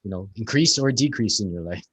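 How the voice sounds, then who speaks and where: A man with a somewhat low voice, recorded dry. He hosts a relaxed conversation and muses at length, filling his talk with "you know". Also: brisk, breathy edge, no room sound. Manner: rambling, reflective, many "you know"s. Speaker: podcast host. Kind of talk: casual conversation.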